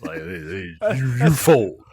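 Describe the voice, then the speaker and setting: A man's voice: slow pace, gravelly, husky. A man co-hosting a casual film review podcast, talking expressively with laughing asides. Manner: expressive, laughing asides, bursts into high-pitched impressions. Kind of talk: casual chat.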